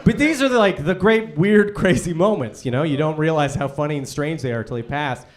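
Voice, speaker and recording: A man in his forties doing a high-energy stand-up set on stage before a live audience, ranting with shouted punchlines. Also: brisk. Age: 40s. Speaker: stand-up comedian.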